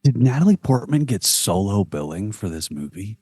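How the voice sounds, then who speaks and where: An American man co-hosting a casual podcast chat, thinking out loud with firm opinions. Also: on the low side, sing-song, moderate pace, slightly rough, no room sound. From United States. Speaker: podcast co-host.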